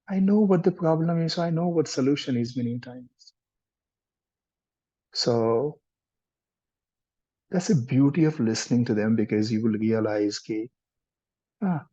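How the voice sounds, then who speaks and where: Man, counseling trainer; gentle, explanatory delivery, warm husky tone. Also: a little high. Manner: gentle, explanatory, mixes in Hindi words. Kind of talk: explaining in a live workshop. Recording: dull lo-fi sound.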